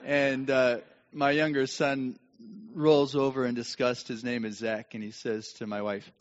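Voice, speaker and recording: A middle-aged man preaching a sermon and telling a personal story, dramatic and swinging from hushed tones to shouting. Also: mid-range voice, unhurried, long pauses. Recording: long hall reverb, dull lo-fi sound.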